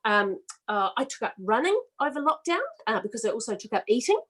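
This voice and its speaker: A woman's voice: fairly high pitch, sing-song, brisk, fairly bright tone, poor audio. Middle-aged woman, self-mocking comic storyteller. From Australia. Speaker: comedian. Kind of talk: stand-up set over video call.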